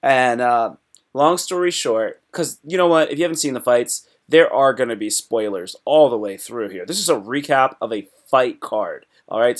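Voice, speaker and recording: A man hosting a live stream, recapping fights in loose, excitable chat that jumps from topic to topic and breaks into sudden loud yelps. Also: mid-range voice, moderate pace.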